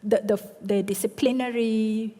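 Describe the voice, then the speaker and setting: A woman scholar giving an academic lecture response, measured, often tagging questions and repeating words as she thinks. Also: on the high side, fairly even intonation, dark tone. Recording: long hall reverb.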